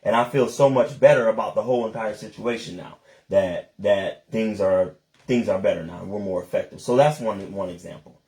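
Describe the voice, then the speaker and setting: A man, a couples and personal development coach, talking casually and earnestly on a podcast. He reflects out loud and asks himself questions as he goes. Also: fairly low pitch, normal speed.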